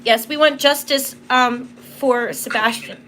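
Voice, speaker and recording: A woman's voice: high-pitched, steady tone, takes it slowly, a bit bright, slight background noise. A woman hosting a live spirit box session, emotional and apologetic as she talks to the spirits, close to tears. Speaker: tarot reader and spirit box host.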